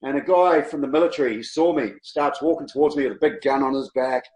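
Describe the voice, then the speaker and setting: A man, a guest telling travel stories in a casual, animated way and laughing often. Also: mid-range voice, fast. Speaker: guest, long-distance cyclist. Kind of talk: casual storytelling interview. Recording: roomy echo.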